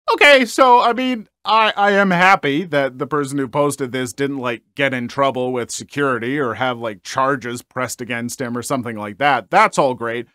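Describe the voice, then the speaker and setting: A man's voice: medium pitch, moderate pace, hardly any pauses, bright, forceful tone, no echo, studio quality. A young man reading online stories aloud and chatting about them casually, with lots of fillers. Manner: casual, rambling, many fillers. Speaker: story reader and commentator.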